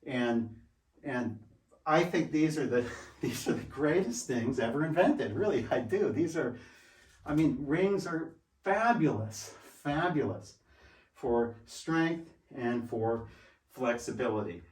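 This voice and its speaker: A man's voice: mid-range voice, lively intonation, slow, darkish tone, far from the mic. Breathless sixty-year-old man in an echoey room. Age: 60s. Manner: emphatic, repeats points, demonstrates while talking. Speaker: fitness vlogger. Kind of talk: casual vlog talk. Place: room at home. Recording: roomy, from away from the mic.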